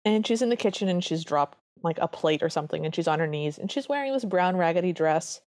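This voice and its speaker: A woman's voice: fairly low pitch, expressive, quick pace, a little mellow, no room sound. Earnest woman podcast co-host, dry sound. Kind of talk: casual chat reviewing a cartoon.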